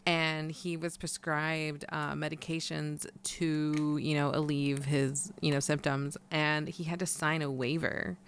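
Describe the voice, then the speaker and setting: A young woman co-hosting a casual podcast, relaxed and giggly, often trailing off mid-sentence. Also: low voice, a little slow, few pauses, faint music behind. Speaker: podcast co-host. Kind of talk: casual chat.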